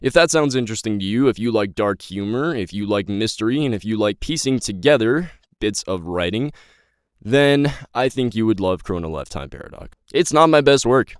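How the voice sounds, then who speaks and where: A man's voice: lowish voice, lively intonation, normal speed, clear, resonant tone, no room sound, studio quality. A nineteen-year-old man giving an impassioned, rambling personal update to his viewers, swearing and stumbling over his words. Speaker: YouTube creator and novelist.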